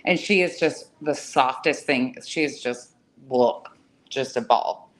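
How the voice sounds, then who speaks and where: A woman's voice: a bass voice, takes it slowly, rough recording. A woman chatting casually at home about her cats, blunt and chatty, cursing freely. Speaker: cat owner vlogger. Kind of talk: casual chat to camera. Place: home, indoors.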